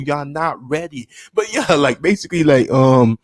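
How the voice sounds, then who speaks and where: Animated, laughing man telling a story. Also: a little high, normal speed, no echo, studio quality. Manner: animated, laughing, jumps into quoted voices; loose and profane, addressing the audience directly. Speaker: storytime vlogger. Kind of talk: casual storytelling.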